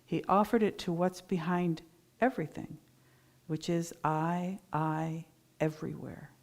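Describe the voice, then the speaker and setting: A middle-aged woman preaching at a Sunday service, spinning a story with animated, lively delivery. Her voice sits a little low for a woman. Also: measured pace. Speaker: minister giving a Sunday talk. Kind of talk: sermon storytelling.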